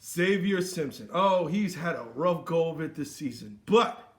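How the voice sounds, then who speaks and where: A man's voice: a little high, lively intonation, a little slow. A young man hosting a comedic sports recap, boisterous and theatrical, with playful bits and mock toasts. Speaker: sports show host.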